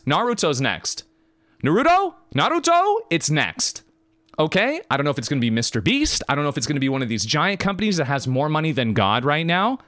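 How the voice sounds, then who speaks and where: A man hosting a podcast, talking in an excited, emphatic rant that swings between high and low. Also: no echo. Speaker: podcast host. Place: California.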